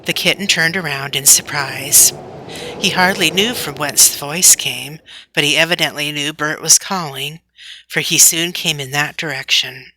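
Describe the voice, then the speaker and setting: A woman reads a classic children's story aloud with a steady, even delivery. Her voice sits low but carries a bright, crisp edge. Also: no echo, low-quality recording. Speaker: audiobook narrator.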